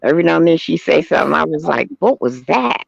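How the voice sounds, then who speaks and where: A woman hosting a casual chat show, talking in an animated, storytelling way. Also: sits low, quick pace, gravelly, slightly rough, dry recording. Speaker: host. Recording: dull lo-fi sound.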